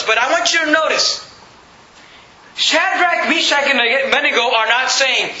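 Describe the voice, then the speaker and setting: A man preaching a sermon, reading scripture aloud and breaking into emphatic, near-shouted exhortation. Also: very high voice, moderate pace. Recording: echoey, slightly dull room sound with faint noise.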